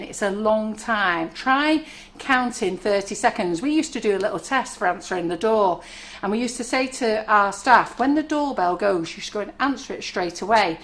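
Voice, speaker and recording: A middle-aged woman, chatting and telling stories while demonstrating baking products on a live stream from her kitchen. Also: medium pitch. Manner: chatty, rambling, storytelling. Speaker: baking shop owner presenting products. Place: shop kitchen.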